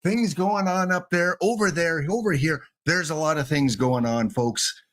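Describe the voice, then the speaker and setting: A man's voice: a little high, measured pace, a bit bright. A man hosting a livestream in casual chat, rambling and joking with viewers, a little winded. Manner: rambling, playful, talks to chat. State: a bit winded. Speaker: livestream host.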